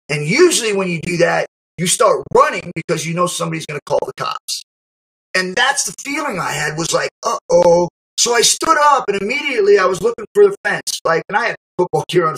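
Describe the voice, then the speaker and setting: A middle-aged man casually recounting a memory, animated, acting out quotes and laughing often. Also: sits high, rough recording. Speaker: storyteller recalling youth football. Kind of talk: casual spoken memoir.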